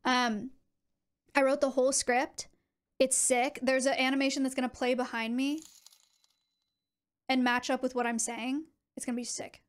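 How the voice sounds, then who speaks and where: A young adult woman streaming, chatting casually with her viewers in an animated way, with quick asides. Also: high-pitched, smooth.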